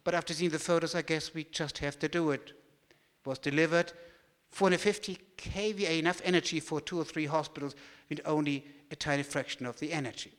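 German guy giving a talk, tells stories all animated, pretty high voice, hall echo. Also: a little fast. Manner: animated storyteller. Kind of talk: storytelling talk with slides.

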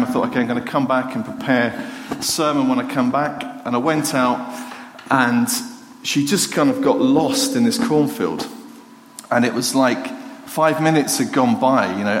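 Pastor telling a story in a reverberant hall. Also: male voice, medium pitch. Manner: conversational, self-deprecating storytelling. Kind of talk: sermon with personal story. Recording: hall reverb, faint noise.

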